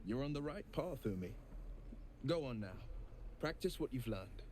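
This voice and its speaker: An actor playing a calm male warrior mentor who encourages a pupil, in video game dialogue. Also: mid-range voice, moderate pace, crowd noise, natural voice. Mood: encouraging.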